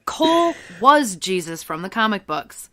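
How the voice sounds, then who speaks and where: A woman co-hosting a casual podcast chat, her voice bright and sharp. She talks in an emphatic, excitable way and swears freely when she gets worked up. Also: mid-range voice, measured pace. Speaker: podcast co-host.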